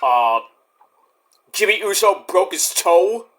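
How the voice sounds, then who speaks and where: A young man giving a casual, rambling wrestling event review, excitable and profane, with sudden shouts. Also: high-pitched, slow pace.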